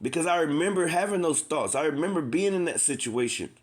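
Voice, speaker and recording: Here a street preacher speaks fairly fast in a high-ish voice with lively intonation. His informal, passionate preaching circles back on itself, is peppered with "man," and mixes in passages of scripture read aloud.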